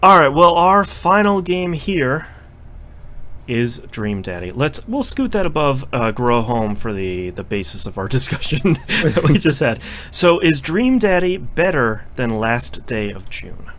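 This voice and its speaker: A man co-hosting a casual chat, animated and quick to laugh. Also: medium pitch. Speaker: podcast co-host.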